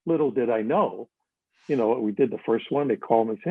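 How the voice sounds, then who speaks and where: Talking fast in a mid-range, slightly husky voice, an older guest spins casual stories with lots of animation, putting on different voices for quotes. The line sounds dry and tinny like a phone, with no room sound at all.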